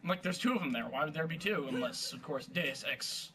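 High, lively excitable young man gaming. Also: fairly quick, slight background noise. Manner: excitable, swearing, shouting at the game. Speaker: gamer playing on stream. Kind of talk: casual gaming commentary.

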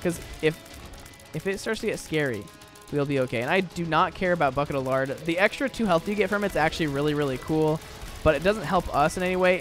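A man's voice: a little high, a bit bright. Chatty young man narrating a game. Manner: rambling, chatty, lots of fillers and restarts. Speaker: gaming YouTuber. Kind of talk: casual gameplay commentary.

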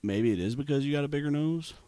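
A young man co-hosting a podcast, telling a story in a casual, animated way. He acts out what people said and laughs often. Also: a little high, fast, no room sound. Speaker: podcast co-host.

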